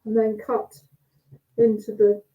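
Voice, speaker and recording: A woman's voice: fairly high pitch, monotone, slow. Woman judging cheese on a tinny call. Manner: chatty, thinks aloud while tasting and cutting. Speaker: cheese judge. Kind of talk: casual judging chat over a video call. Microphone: video call. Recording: tinny phone-like call audio.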